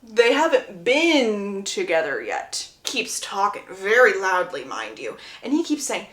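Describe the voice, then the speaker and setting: A woman's voice: mid-range voice, big pitch swings, unhurried, hardly any pauses, a bit bright, reverberant. A woman casually retelling a book's plot, chatty and acting out the quotes. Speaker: book summary creator.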